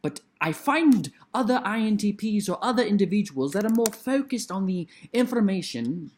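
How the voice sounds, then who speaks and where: Playful theatrical man, swooping pitch. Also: sing-song, brisk, hardly any pauses. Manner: playful, theatrical, swings widely in pitch and loudness. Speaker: vlogger. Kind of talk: casual talk to camera.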